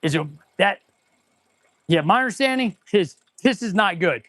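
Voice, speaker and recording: An excitable mechanic streaming live from his repair shop, rambling to viewers as he tests parts. His voice sits high for a man and sounds dry and close on a clip-on mic. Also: moderate pace, no room sound. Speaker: auto mechanic and shop owner hosting a livestream. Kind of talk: casual livestream chat while working. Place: auto repair shop, indoors.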